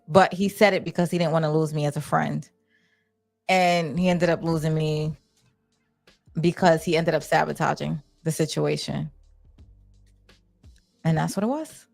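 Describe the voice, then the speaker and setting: A woman's voice: deep voice, vocal fry. A young adult woman, hosting a live chat, candid and blunt, reading viewer comments. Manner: candid, blunt, swears casually. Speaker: livestream host.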